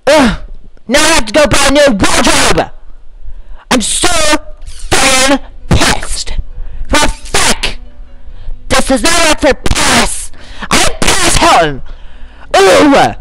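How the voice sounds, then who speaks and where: A woman's voice: low voice, heavy background noise. A woman voicing a spoiled, vain rich socialite in gameplay commentary, with a valley-girl drawl, gasps and whiny "ugh"s. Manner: screams in furious tantrums. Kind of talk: let's-play commentary in character.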